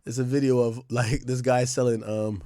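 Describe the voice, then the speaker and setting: A man in his thirties streaming a casual, profane rant to his chat, animated and mocking, swinging from loud outbursts to mumbled asides. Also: mid-range voice, moderate pace, dry recording, studio quality.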